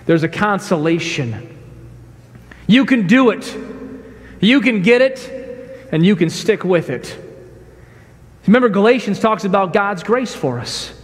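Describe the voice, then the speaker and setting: A man preaching a sermon as pastor, emphatic, swinging from shouts to hushed, quiet lines. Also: sits high, lively intonation, measured pace, pauses often, big-room sound. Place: church sanctuary.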